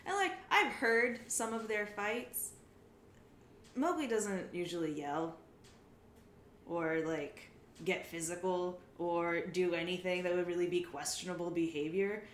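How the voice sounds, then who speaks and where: A woman's voice: medium pitch, a little hiss or hum. A woman co-hosting a casual podcast, chatting and teasing her co-host in loose banter. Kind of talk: casual chat. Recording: roomy echo.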